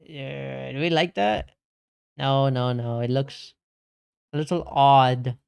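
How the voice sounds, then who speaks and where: Male streamer, laid-back slangy chat, clear voice, slow delivery. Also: medium pitch, darkish tone. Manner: slangy, calls everyone bro; reads and answers chat. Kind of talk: casual livestream chat.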